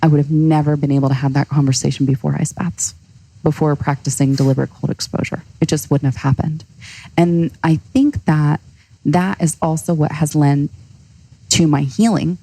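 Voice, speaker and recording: A woman's voice: deep voice, fairly even intonation, moderate pace, mellow, husky, low-quality recording. An earnest, heartfelt woman, a coach, speaking as a podcast guest. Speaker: guest, cold-exposure coach. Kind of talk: podcast interview.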